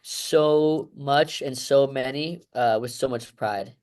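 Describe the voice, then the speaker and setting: A man's voice: mid-range voice, takes it slowly, darkish tone, smooth. A man in his thirties answering interview questions in a reflective, emotional way, rambling with many fillers. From United States. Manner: emotional, rambling, heavy fillers like "you know" and "right". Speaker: guest, Olympic wrestler.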